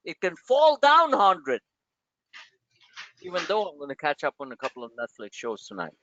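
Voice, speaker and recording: A man hosting a livestream of market commentary, rambling and joking in an animated way. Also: fairly high pitch, normal speed, highs cut off. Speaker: trading channel host.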